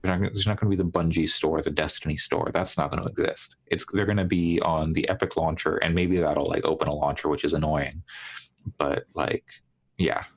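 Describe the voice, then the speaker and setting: Podcast host, male, deep gravelly voice, dry humor. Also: fairly even intonation, fairly quick. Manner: dry, teasing. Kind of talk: casual gaming podcast chat.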